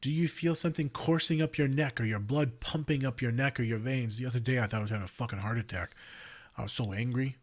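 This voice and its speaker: Man, 30s, podcast host; swearing, animated casual monologue with sharp swings in volume. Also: mid-range voice, fast talker. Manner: blunt, profane and animated, swings between loud outbursts and quiet reflection.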